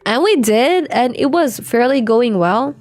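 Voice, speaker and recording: A young Filipina chats loosely while streaming a game, swearing freely and leaning heavily on "like." Her voice is on the high side, expressive and a little mellow, a bit slow, with faint music in the background.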